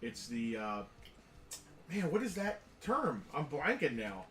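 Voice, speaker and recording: Low, lively woman, echoey and distant. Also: slow pace, a little hiss or hum. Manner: easygoing, chiming in with short remarks. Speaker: co-host of a live sale stream. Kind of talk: casual live-stream chat. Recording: roomy, from off the mic.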